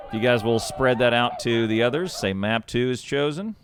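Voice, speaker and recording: A man hosting and casting a game match on a live stream, chatty and quick to laugh. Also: mid-range voice, crowd noise, background noise. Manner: chatty, with lots of laughs and restarts. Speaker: shoutcaster and match host. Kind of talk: casual live stream talk.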